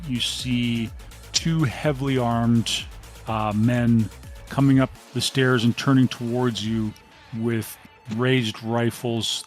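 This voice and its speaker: Man narrating as tabletop game master. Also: mid-range voice. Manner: steady descriptive narration with frequent ums.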